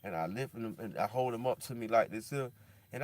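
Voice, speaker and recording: Speaking a little fast, a man delivers a rambling, slangy monologue packed with "bro" and "dog," shifting between loud animated bursts and low somber muttering.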